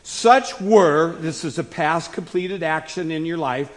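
A hoarse male pastor preaching in church, his voice sitting a little high. He keeps checking in with the listeners with quick questions and stops now and then to cough. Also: steady tone. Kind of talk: sermon.

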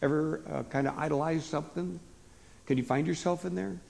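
A hoarse male pastor preaching in church, his voice sitting a little high. He keeps checking in with the listeners with quick questions and stops now and then to cough. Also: fairly even intonation, darkish tone. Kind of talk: sermon.

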